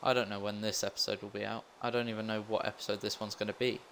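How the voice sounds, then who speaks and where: A man's voice: lowish voice, level tone, quick pace, fairly bright tone, slight background noise. A young man giving casual commentary while playing a game, rambling and joking at his own expense. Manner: rambling, self-mocking asides. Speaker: let's play gamer.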